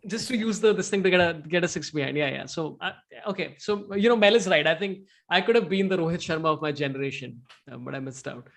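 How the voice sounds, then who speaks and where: A man's voice: a little high, quick pace, gravelly, few pauses, fairly bright tone. A man hosting a casual cricket chat show, talking in a loose, rambling way with many fillers and restarts. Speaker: podcast host.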